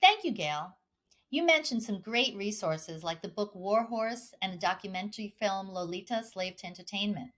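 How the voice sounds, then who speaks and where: A woman moderating a teacher-training panel, delivering clear, scripted remarks and introducing speakers. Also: mid-range voice, animated, moderate pace, fairly bright tone. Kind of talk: scripted presentation.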